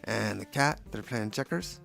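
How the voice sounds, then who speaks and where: A man's voice: on the low side, expressive, measured pace, creaky, a bit bright, faint music behind. A man casually commenting on his own paintings in a playful, rambling, jokey way. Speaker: painter showing his work.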